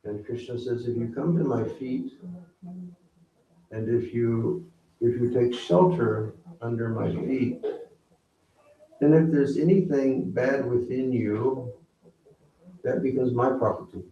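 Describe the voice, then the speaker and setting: Slow-speaking man preaching in a roomy hall. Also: mid-range voice. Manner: slow, unhurried teaching with audience questions. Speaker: swami giving a spiritual talk. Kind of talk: sermon. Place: temple hall with audience. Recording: roomy, distant, dull hall recording.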